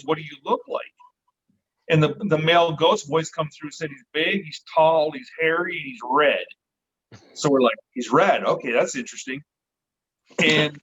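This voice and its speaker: A middle-aged man with a voice a touch high for a man tells a story in a loose, animated way. He acts out the voices he quotes and swears now and then. The recording sounds dull and lo-fi. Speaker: podcast guest. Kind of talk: casual storytelling.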